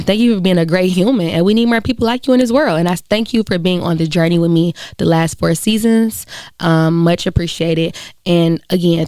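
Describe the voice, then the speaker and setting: Solo podcast host, young adult woman, smooth lower-pitched voice, dry close sound, earnest and encouraging. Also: darkish tone, dry recording. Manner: earnest, encouraging, conversational with many fillers. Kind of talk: reflective solo podcast talk.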